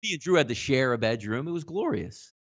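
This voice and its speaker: Male guest on a betting show, gushing storyteller, very lively pitch, dull lo-fi audio. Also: fairly quick. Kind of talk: casual podcast banter.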